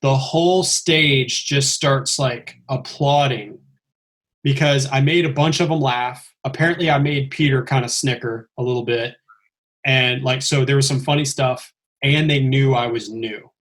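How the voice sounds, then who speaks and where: A man tells a story in a relaxed podcast chat. He gets animated and acts out the lines he quotes. His voice sits at an ordinary middle pitch. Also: measured pace. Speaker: stuntman telling his story.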